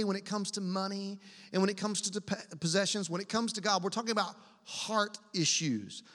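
A man preaches to a congregation in an easy, conversational way, pressing his points and asking the room to answer back. His voice sits high and sounds bright and forceful. A long hall reverb trails behind him. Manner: asks the congregation to respond, conversational and emphatic. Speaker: pastor. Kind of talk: sermon.

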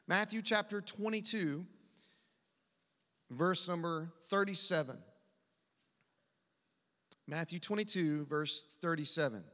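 A man preaching a sermon to his congregation, animated and drawing the crowd into call and response. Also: high voice, long reverb tail. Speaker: pastor. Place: church hall.

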